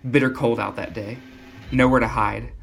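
A man narrating a first-person horror story in a gritty, blunt and deadpan way. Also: mid-range voice, moderate pace, vocal fry.

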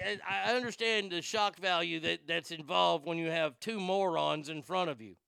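A man's voice: high-pitched, creaky, bright, forceful tone, smooth, no room sound, studio quality. A man hosting a talk radio show, ranting animatedly about a reality show with crude asides and stammered restarts.

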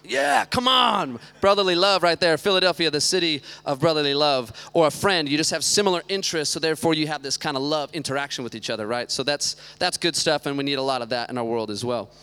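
A man's voice: fairly high pitch, fast talker, few pauses, bright, forceful tone, clean tone. A man in his thirties giving a casual, chatty sermon with lots of joking asides, speaking as a church youth pastor. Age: 30s.

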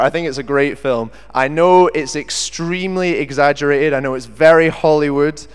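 A young British man preaching a sermon, reading scripture and then talking in a lively, chatty way with jokey asides. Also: on the high side, moderate pace, few pauses, clean tone. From Britain. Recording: long hall reverb.

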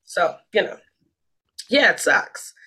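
A woman from the Washington, D.C. area telling a story in casual podcast chat, animated and rambling, with frequent restarts. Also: takes it slowly, noisy background.

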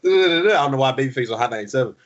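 Animated man in lo-fi casual chat. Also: medium pitch, rapid-fire. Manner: animated, laughing, acts out voices. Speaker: podcast co-host. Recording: lo-fi sound.

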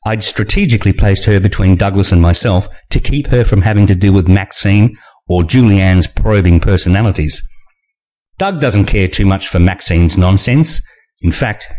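A man reading a first-person thriller aloud in a wry, expressive way. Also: lowish voice. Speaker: audiobook narrator.

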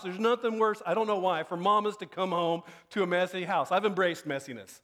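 A man with a high voice preaching in a relaxed, chatty way. He tells a story about his family and jumps even higher when he acts out the voices in it. He sounds like a pastor in his thirties. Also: fairly quick, few pauses. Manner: conversational storytelling, acts out quoted lines with rising pitch. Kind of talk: sermon.

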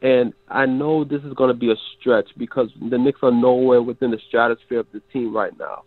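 A man's voice: medium pitch, fairly even intonation, a little fast, no room sound. A man with a sick, stuffy, nasal voice, calling in as a regular co-host and venting in casual sports talk with many restarts. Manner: frustrated, rambling analysis with many restarts. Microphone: phone. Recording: dry tinny phone line.

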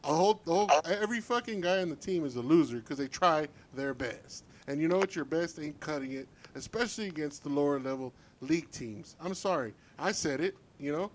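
A man's voice: fairly high pitch, expressive, brisk, few pauses. A man co-hosting a casual football podcast, ranting bluntly and swearing freely about his team. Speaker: podcast co-host.

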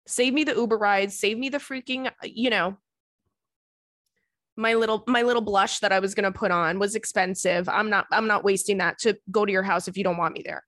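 A woman's voice: mid-range voice, brisk, dry recording. Woman in her thirties, podcast host giving blunt, sweary advice; dry, close sound. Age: 30s. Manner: blunt, swearing, gets riled up and loud. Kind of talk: casual chat.

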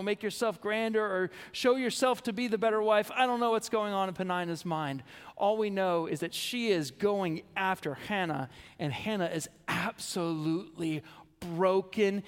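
A male pastor preaching an earnest sermon, stumbling into restarts and dropping to a hush on heavy words. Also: high voice, big-room sound.

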